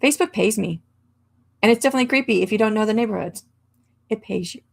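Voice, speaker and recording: A woman's voice: medium pitch, fast, vocal fry. A woman hosting a writing livestream, chatting casually and reading out viewer comments, rambling with fillers and laughs. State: hiccups. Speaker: livestream host.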